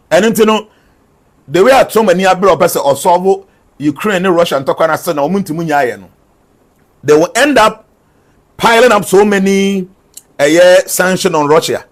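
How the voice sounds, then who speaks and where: A man's voice: high-pitched, normal speed, pauses often. A man delivering numbered prophetic forecasts, repeating each one and switching between English and a local language. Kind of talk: numbered predictions mixed with local-language asides.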